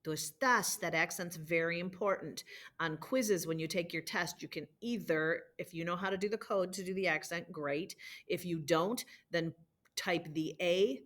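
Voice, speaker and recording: A woman's voice: fairly low pitch, moderate pace, a bit bright. A woman teacher walking students through homework and patiently drilling verb conjugations during a screen-shared lesson. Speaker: Spanish teacher. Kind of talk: recorded homework walkthrough.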